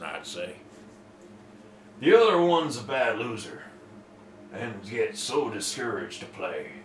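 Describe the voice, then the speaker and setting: A man's voice: medium pitch, recorded from a distance, a little hiss or hum. A man putting on a drawling, folksy voice as a polite adult male viewer. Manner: exaggerated twangy drawl, reading a letter. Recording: roomy with faint ambience.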